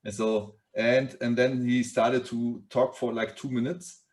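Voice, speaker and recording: Guy hosting a sales podcast, mid pitch, chatty, tells little stories. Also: level tone, unhurried, a little mellow. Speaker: podcast host. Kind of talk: casual interview talk.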